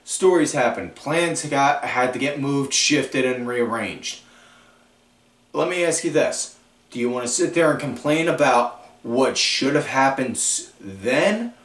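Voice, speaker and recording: Recapping wrestling shows on his podcast, this man speaks at medium pitch with an animated, fairly bright tone. His casual delivery is slow and meandering, full of fillers, and the recording carries room echo from a mic set well away from him.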